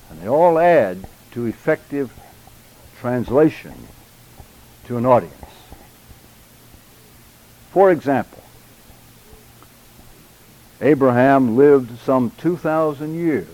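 An older man teaching a church public speaking class, deliberate and emphatic, addressing his students directly. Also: medium pitch, warm tone, low-quality recording.

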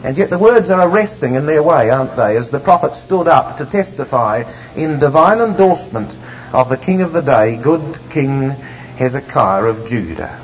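A man preaching a sermon, emphatic and slowing down to stress the scripture he reads. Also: medium pitch, expressive, a little hiss or hum. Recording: dull lo-fi recording.

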